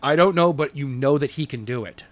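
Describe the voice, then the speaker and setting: A man's voice: mid-range voice, fairly quick. A man co-hosting a casual wrestling podcast, goofy and playful, with joking bursts. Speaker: podcast co-host.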